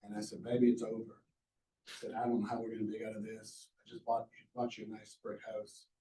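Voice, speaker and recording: A man's voice: lowish voice, monotone, brisk, dark tone. A middle-aged man giving a masterclass talk, telling his story in a folksy way and acting out the lines people said to him. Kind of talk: storytelling lecture to a live audience. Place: lecture hall. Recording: echoey hall, mic at a distance.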